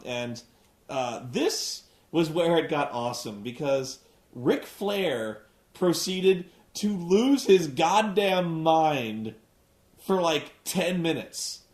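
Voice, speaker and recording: Rambling, swearing man in an echoey room. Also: on the high side. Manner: rambling, swears a lot, restarts often. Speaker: host reviewing a wrestling show. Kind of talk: casual profane recap.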